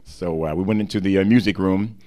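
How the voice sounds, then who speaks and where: A man's voice: low-pitched, fairly even intonation, a little fast, dark tone. An older man telling the story behind his song on the radio, acting out the voices of the people in it.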